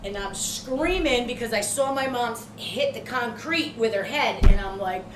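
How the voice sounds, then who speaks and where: Middle-aged woman podcast co-host, expressive storyteller, slightly high voice, noisy room. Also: unhurried. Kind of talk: casual chat, animated storytelling. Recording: echoey room, distant mic, noisy background.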